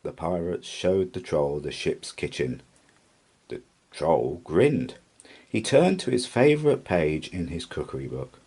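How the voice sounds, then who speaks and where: A man reading a children's storybook aloud with slow, expressive narration. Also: low-pitched, breathy edge. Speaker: storybook reader.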